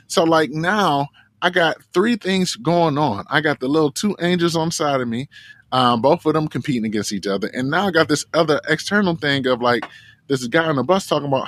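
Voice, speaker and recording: A man in an interview, telling a long story in a loose, animated way, leaning on the word "like." His voice sits in a middle pitch. The sound is close and dry. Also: brisk, dry recording. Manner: animated, filler-heavy with frequent "like". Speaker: guest, marathon runner and coach.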